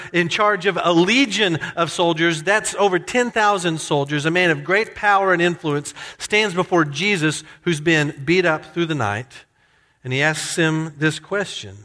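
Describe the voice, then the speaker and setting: A man's voice: on the high side, pushed and bright, in a large hall. A man preaching a sermon as a pastor, explaining scripture and acting out quoted lines with emphasis.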